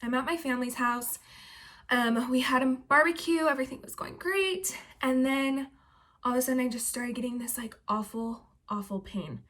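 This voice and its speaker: A woman's voice: high voice, normal speed, fairly bright tone. A young woman vlogging casually about her pregnancy, chatty and full of "like" and "um" fillers. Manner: chatty, filler-heavy with frequent "like" and "um". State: heavily pregnant.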